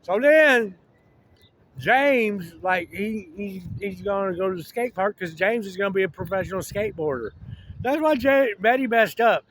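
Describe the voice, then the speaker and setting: A man's voice: high-pitched, lively intonation, moderate pace, fairly bright tone, a little hiss or hum. A man rambling through a casual monologue, slangy, with lots of restarts. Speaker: vlogger.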